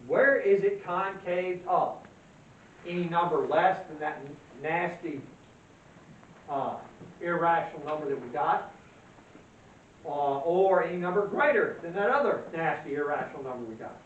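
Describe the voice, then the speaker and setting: A man with a high voice teaches a math class in a folksy manner, tossing questions at the room and answering them himself. He sounds far from the mic in an echoing classroom. The recording is dull and lo-fi, with a faint hiss underneath. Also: unhurried, long pauses. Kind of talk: classroom lecture.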